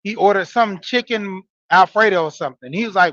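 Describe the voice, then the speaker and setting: High-voiced man in his forties, chatty. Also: a little fast, fairly bright tone, dry recording, muffled recording. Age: 40s. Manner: storytelling, talking straight to listeners with frequent fillers. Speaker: podcast host and wrestling coach. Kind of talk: casual monologue, greeting live chat.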